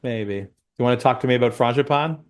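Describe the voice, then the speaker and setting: A man's voice: medium pitch, steady tone, fast. Casual man telling kitchen stories. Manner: storytelling, acts out his own lines, swears casually. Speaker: podcast co-host, former restaurant worker. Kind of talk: casual chat.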